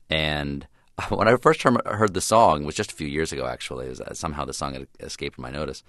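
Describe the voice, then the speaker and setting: A male guest in a radio interview, thoughtful, trailing off quietly and restarting, with sudden quick bursts. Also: extremely low pitch, no room sound, studio quality.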